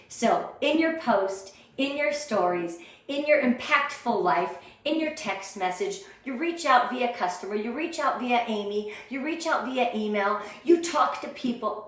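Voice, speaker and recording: A woman's voice: a little high, recorded from a distance. Emotional woman in an echoey room. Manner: heartfelt, emotional and chatty, laughs often. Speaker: direct sales team leader. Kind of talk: motivational live training talk. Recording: very echoey room, away from the mic.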